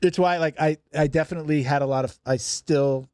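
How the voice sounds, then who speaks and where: A man's voice: a little high, steady tone, a little fast, darkish tone, smooth, no room sound, clean studio sound. A man in his fifties hosting a podcast, talking in a loose, chatty, joking way. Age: 50s. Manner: chatty joker. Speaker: podcast host. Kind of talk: casual chat.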